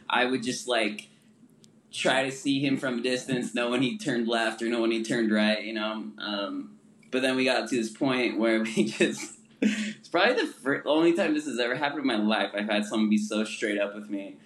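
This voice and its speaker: A man speaks as a guest in an easygoing conversation, relaxed and quick to laugh. His voice is mid-pitched and picked up in a roomy space. A faint hiss sits underneath. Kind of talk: casual chat.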